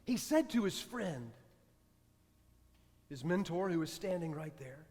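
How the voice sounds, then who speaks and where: A man, a priest, preaching a sermon and telling a story in a soft, measured way with long pauses. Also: a little high, big pitch swings, in a large hall.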